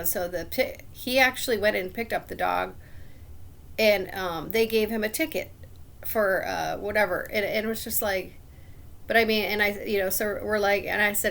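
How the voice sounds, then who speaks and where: Sounding aggrieved and suspicious, a woman rambles through a long personal story in a casual, loose manner, often stopping to clear her throat. Her mid-range voice is gravelly with a fry edge and a slight brightness.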